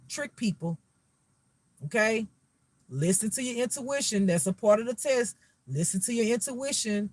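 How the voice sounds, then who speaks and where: Man with a high voice, casual spiritual reader, preachy and repetitive, swears freely. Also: a little mellow. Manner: preachy, profane, repeats phrases.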